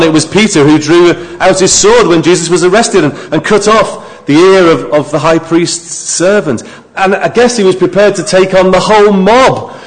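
Man preaching with rising emphasis. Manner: swings from quiet, low asides to raised emphatic appeals. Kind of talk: sermon.

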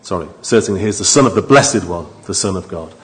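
A man's voice: animated, fast talker. Man preaching with rising emphasis. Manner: swings from quiet, low asides to raised emphatic appeals. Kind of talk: sermon.

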